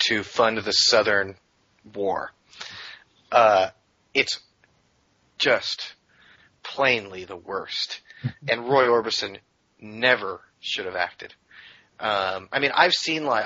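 A man in casual podcast chat, opinionated and animated as he tells stories. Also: fairly low pitch, breathy edge, dry recording, highs cut off.

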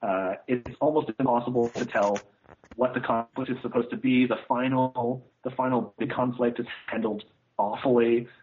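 A man's voice: mid-range voice, steady tone, normal speed, a little hiss or hum. A man co-hosting a casual podcast, giving a rambling, scathing film review full of "uh" and "like". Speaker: podcast co-host reviewing films. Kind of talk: casual chat. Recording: tinny phone-like line.

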